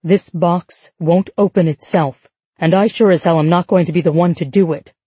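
A wounded husband pleads with his wife, his words slow and strained, as a woman narrator puts him on. The tone is husky and mellow, recorded dry and close for an audiobook. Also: lowish voice, fairly even intonation, no echo. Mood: bitter.

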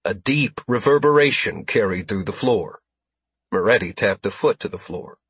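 Brief: a husky man reading action fiction aloud, steady delivery, dry close sound. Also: fairly low pitch, normal speed, no echo. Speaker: audiobook narrator. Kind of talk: scripted narration.

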